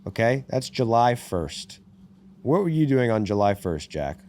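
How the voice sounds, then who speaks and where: A man's voice: mid-range voice, measured pace. A man hosting a casual sports podcast, reading out stats and trading sarcastic jabs, swearing freely. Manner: reads out stats with animated delivery. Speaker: podcast host.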